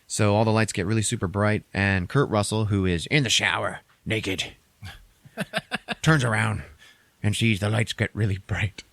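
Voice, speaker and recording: A man's voice: fairly low pitch, measured pace, creaky, fairly bright tone, dry recording. A man casually recapping a movie on a podcast, rambling and profane, acting out characters' lines in a raised voice.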